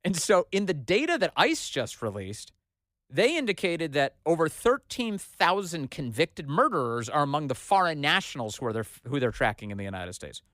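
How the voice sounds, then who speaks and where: A man's voice: medium pitch, a bit bright, no room sound, clean studio sound. A man hosting a talk radio show, delivering an emphatic, sarcastic opinion monologue.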